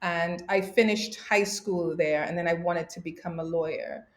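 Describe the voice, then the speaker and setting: Canadian-born woman telling lively stories. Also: lowish voice, moderate pace. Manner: lively anecdotes with bursts of laughter. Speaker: guest arbitrator. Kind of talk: interview storytelling. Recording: roomy echo.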